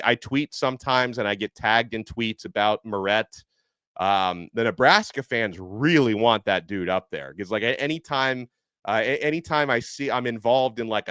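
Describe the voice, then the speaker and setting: A man hosting a casual sports podcast, talking in a chatty, animated way with plenty of fillers. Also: medium pitch, smooth, dry recording. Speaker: podcast host. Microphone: headset earpiece.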